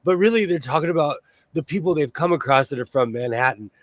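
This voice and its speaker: A man's voice: on the high side, quick pace, no room sound. A man hosting a sewing show, rambling through stories and laughing often in casual chat. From New York State. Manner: rambling, animated storyteller who laughs often.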